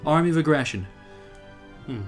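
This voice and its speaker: A young Irish man giving casual let's-play commentary, thinking aloud, chatty and laughing often, with sudden bursts of excitement. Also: a little high, normal speed, soft background music. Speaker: game commentator.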